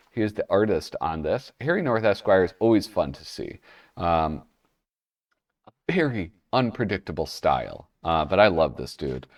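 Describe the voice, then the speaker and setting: Positioned far from the microphone, a comic magazine reviewer hosting a show offers casual commentary as he pages through an issue. His voice is lowish and expressive, and his talk rambles with self-interruptions and chuckled asides.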